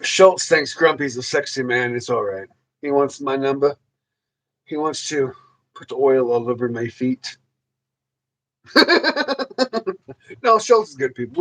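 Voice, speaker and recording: A man's voice: mid-range voice, sing-song, slow pace, long pauses, a bit bright, rough recording. A man hosting a casual livestream, rambling and joking crudely while answering viewers. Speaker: livestream host.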